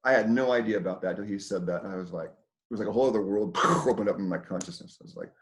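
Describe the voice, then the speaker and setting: A man's voice: lowish voice, rapid-fire, rough recording. A man hosting a community dinner talk, rambling loosely to a small group indoors with lots of fillers and casual swearing.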